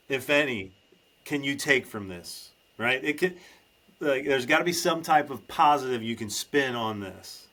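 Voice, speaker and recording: A man hosts a podcast in a loose, casual conversation. He rambles and restarts his sentences, then leans hard on his points. His pitch sits in an ordinary middle range for a man. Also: pushed and bright. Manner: rambling, restarts often, emphatic. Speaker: podcast host.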